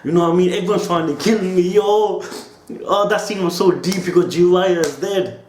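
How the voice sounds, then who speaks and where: A man with a fairly high voice talks through an anime reaction in a passionate, slang-heavy monologue. He keeps dropping casual tags as he goes. The room around him rings with echo. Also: moderate pace, darkish tone, slight background noise. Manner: impassioned, slangy, keeps tagging lines with "yo". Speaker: anime reaction channel host. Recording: roomy echo.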